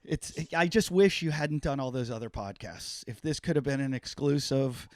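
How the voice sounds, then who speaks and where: A man hosting a podcast, telling stories in a loud, joking, profane way during a casual interview. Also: mid-range voice, normal speed, no echo. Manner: animated, profane, jokey storytelling. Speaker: podcast host.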